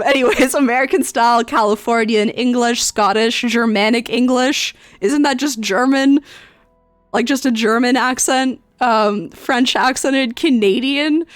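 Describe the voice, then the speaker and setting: A young woman streamer chatting casually as she reads and reacts to forum posts, full of ums and likes and quick laughs. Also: fairly high pitch, no echo, clean studio sound. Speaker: streamer and host.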